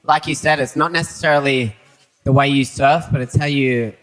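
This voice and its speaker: A man speaks calmly in a casual panel discussion. His tone is reflective and easygoing, and his pitch is in the middle of the usual range. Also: moderate pace, rough recording. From Australia. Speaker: surfer guest on a panel. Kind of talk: casual chat.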